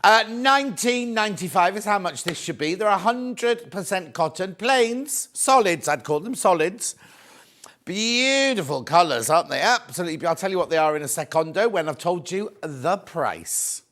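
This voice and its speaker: Male British shopping-channel host, chatty patter, a little higher than most men, occasional cough. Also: lively intonation, normal speed, a bit bright. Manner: chatty, reads out viewer messages, calls viewers "my love". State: coughing, mild throat trouble. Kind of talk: live TV selling, chatty.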